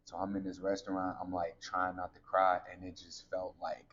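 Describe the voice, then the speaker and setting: Deep-voiced man telling a personal story. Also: completely flat delivery, normal speed, a bit bright, lo-fi sound, slight background noise. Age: 30s. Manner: candid, conversational, addresses listeners as y'all. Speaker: podcast host.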